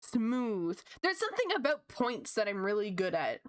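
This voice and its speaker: A woman's voice: medium pitch, big pitch swings, moderate pace. A woman in her late twenties chatting casually and rambling while she draws on stream, laughing often. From Canada. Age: late 20s. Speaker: art streamer. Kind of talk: casual chat while drawing.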